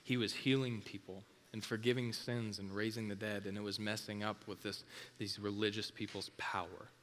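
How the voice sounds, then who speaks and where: Low voiced pastor, punchy sharp tone, repeats himself for emphasis, goes loud then hushed. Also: male voice, little pitch movement, moderate pace, slight background noise. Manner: intense, repetitive emphasis, swings from loud to hushed. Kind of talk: sermon.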